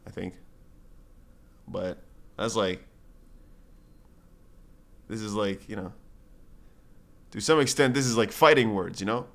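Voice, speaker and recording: A man's voice: fairly low pitch, slow, pauses often, a bit bright. Slangy man chatting on a crypto stream. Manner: rambling, reads viewer chat aloud and answers it; slangy, says bro and brother a lot. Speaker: crypto livestream host. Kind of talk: casual livestream chat.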